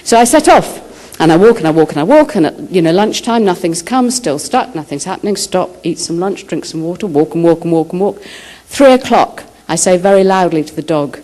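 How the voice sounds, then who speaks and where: A woman author answering students' questions, telling stories in a lively way and acting out the quotes. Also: lowish voice, fairly quick, few pauses. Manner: lively storyteller who acts out quotes. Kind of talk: school talk answering questions. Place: high school.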